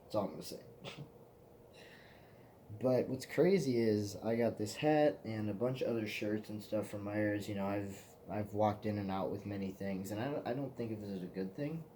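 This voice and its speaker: In a casual vlog, a man tells rambling, profane stories to the camera and often laughs at himself. His voice is lowish and mellow at a moderate pace, with slight background noise.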